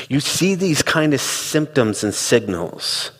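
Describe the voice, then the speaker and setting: A man's voice: lowish voice, expressive, normal speed, few pauses, fairly bright tone, slightly rough, in a large hall. A middle-aged man giving a reflective, conversational talk, telling stories and acting out quoted dialogue. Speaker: speaker on relationships.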